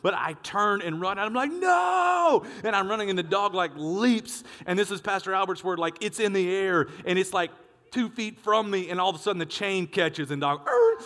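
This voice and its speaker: High-voiced animated preacher man. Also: brisk, long reverb tail. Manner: animated storyteller, acts out dialogue. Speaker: pastor. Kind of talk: sermon with storytelling.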